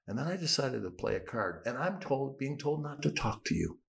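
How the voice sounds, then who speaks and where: A missionary pastor telling a personal story in a sermon, animatedly acting out the dialogue. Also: male voice, mid-range voice, sing-song, moderate pace, vocal fry, few pauses, fairly bright tone.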